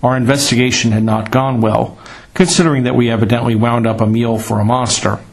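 Man reading an adventure serial, mid-pitched, measured and dramatic. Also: fairly even intonation, gravelly, poor audio. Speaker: narrator. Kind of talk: scripted first-person story narration.

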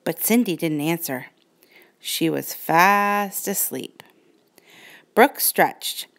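Slow, expressive woman reading a storybook. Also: fairly low pitch, vocal fry, no room sound, studio quality. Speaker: Girl Guide leader, storyteller. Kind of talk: storybook read-aloud narration.

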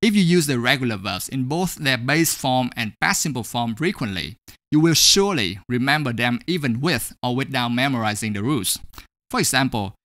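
A man teaching an English grammar lesson, speaking slowly and deliberately and saying each example word twice. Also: medium pitch, expressive, a bit bright, no room sound, clean studio sound.

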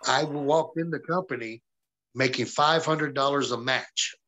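Man, interview guest, blunt, profane storyteller, bright forceful voice, mid pitch. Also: measured pace, rough recording. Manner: profane, blunt, quotes others in dialogue. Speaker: interview guest, former pro wrestler.

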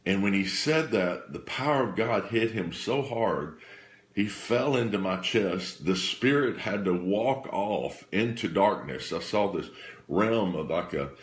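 Man, low voice, earnest testimony storyteller, halting delivery with many restarts, echoey room. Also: animated. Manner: halting, repeats and restarts phrases; earnest, emotional retelling. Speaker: speaker sharing a faith testimony. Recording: roomy echo.

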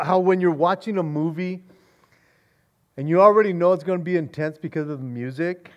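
A man preaching as a pastor, excited and casual, often repeating words and saying "man". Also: fairly high pitch, dull audio. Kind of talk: expository sermon.

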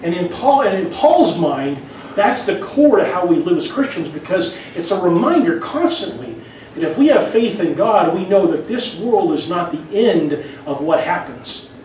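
Preaching in a church sanctuary, a man speaks earnestly and conversationally, often restarting phrases. His high-pitched voice is a little mellow, swings widely in pitch, and moves at a moderate pace. The distant mic captures a very echoey hall with slight background noise.

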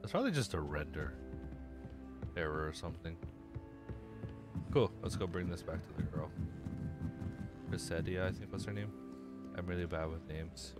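Male gamer, deep and animated, rambling and self-deprecating, game music behind. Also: moderate pace, long pauses. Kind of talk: let's-play commentary.

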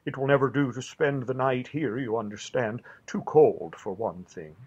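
A man's voice: medium pitch, husky, dull audio, close to an everyday voice. Man doing a soothing, good-natured old water rat. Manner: soothing, brisk and practical.

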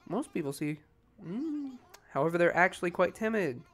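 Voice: mid-range voice, very animated, moderate pace. A sleepy let's-play commentator talking casually at home, rambling and cursing freely in a mid-range voice. Faint game music runs underneath the talk.

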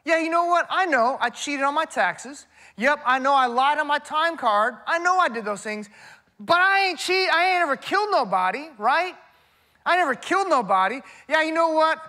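A man's voice: extremely high pitch, animated, moderate pace, pushed and bright, pitched above the performer's own voice, heavily acted. A man voicing a self-righteous man who brags and rationalizes that he never killed anyone. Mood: defensive bragging. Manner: defensive, bragging, rationalizing.

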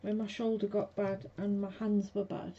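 Mid-range and flat in delivery at a normal speed, a woman chats bluntly and casually with live-stream viewers while crafting in her home craft room. The sound is dull lo-fi, with faint hiss in the background.

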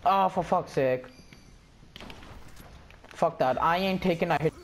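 A young man with a slightly high voice trash-talks his opponent over a headset in game chat. He teases, curses and gloats in a loose, casual way. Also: takes it slowly, a little hiss or hum. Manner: teasing trash talk, cursing. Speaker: gamer.

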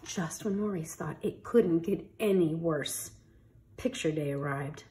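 A woman reading a picture book aloud with an expressive storytelling delivery. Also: low-pitched, a little slow, a little hiss or hum. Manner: expressive, animated read-aloud.

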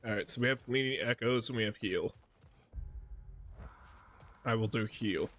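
A man's voice: on the low side, normal speed, fairly bright tone. A man streaming a video game, ranting and mocking in profane casual commentary.

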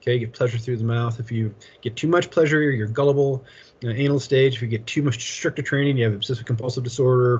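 A man's voice: mid-range voice, a little mellow, husky, muffled recording. A man teaching a college class in a casual, rambling lecture, chuckling often and telling anecdotes. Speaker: college instructor.

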